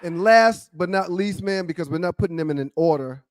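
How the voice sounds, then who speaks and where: A man co-hosting a sports talk podcast, boasting, telling stories and cracking deadpan jokes. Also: high voice, brisk, no room sound. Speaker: podcast co-host. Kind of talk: casual sports talk banter.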